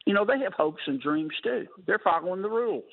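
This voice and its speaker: A man's voice: high voice, lively intonation, fast. A man, a senator guesting on a talk radio show, talking in a folksy, wry way with colorful sayings. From Louisiana. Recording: phone-line call-in.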